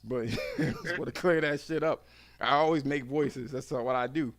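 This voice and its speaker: A man hosting a podcast in casual chat, rambling, profane and quick to laugh. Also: a little high. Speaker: podcast host.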